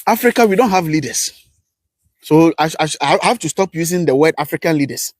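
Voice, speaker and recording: A man hosting a live political commentary stream, ranting passionately with rhetorical questions, swinging between shouts and low mutters. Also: lively intonation, a little fast, dry recording.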